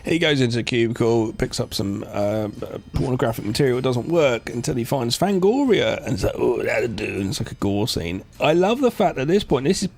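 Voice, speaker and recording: Lively, rambling man. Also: medium pitch, brisk, creaky, hardly any pauses. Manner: rambling, full of fillers and restarts. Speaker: podcast co-host. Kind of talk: casual film recap chat.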